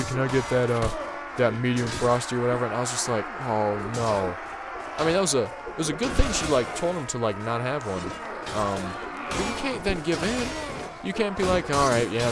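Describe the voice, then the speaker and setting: A young man hosting a gaming channel who tells a meandering story over his gameplay. He talks casually and fills his sentences with "um" and "like.". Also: mid-range voice. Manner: casual and meandering, heavy on fillers like "um" and "like".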